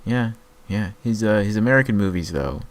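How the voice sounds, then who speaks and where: Deep-voiced man, rambling and profane. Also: animated, a little fast. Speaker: podcast host. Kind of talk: casual chat.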